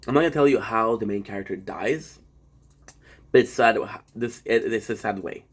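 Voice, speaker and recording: Husky, rambling man swearing freely. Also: on the low side, moderate pace. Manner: rambling, profane, animated storytelling. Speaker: streamer. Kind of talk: casual vlog monologue.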